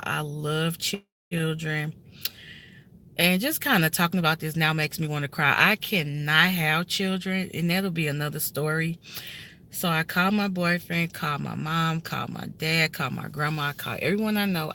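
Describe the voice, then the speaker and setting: Bright, earnest woman in her thirties. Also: sits low, slight background noise. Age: 30s. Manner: earnest, emotional, often addresses viewers directly. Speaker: vlogger telling a personal story. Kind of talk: casual heartfelt story time. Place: inside a car.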